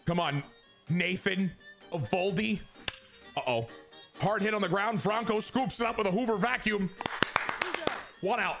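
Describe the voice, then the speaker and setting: A young man streaming a baseball video game, joking, swearing and shouting at big plays over game music. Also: high voice, a little slow, vocal fry, long pauses. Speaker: gaming streamer. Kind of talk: excited video game commentary. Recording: game music playing behind.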